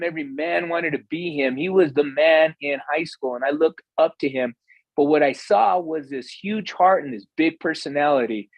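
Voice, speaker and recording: A man's voice: on the high side, dry recording, dull audio. A man, a guest on a podcast, telling earnest personal stories in a reflective conversational way, with some fillers. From United States. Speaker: podcast guest, real estate investor. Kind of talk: storytelling in conversation.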